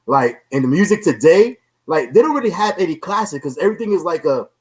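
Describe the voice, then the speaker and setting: A man hosting a podcast talks quickly in a slightly raised, husky voice. He is emphatic and keeps checking in with his listeners. His points tumble out one after another. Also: fairly high pitch, very animated, darkish tone, rough recording. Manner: emphatic, keeps repeating "you know what I'm saying". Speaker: podcast host. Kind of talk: casual podcast chat.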